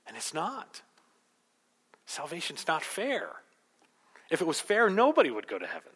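Emphatic preacher with a bright voice. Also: male voice, on the high side, normal speed, husky, big-room sound. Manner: emphatic, rhetorical, animated storytelling. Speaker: pastor. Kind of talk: sermon.

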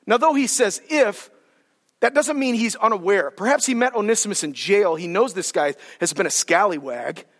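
High-voiced preacher in an echoing hall. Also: male voice, brisk, hardly any pauses. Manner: animated, colloquial, explaining Scripture. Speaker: pastor. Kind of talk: sermon. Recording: hall with long reverb.

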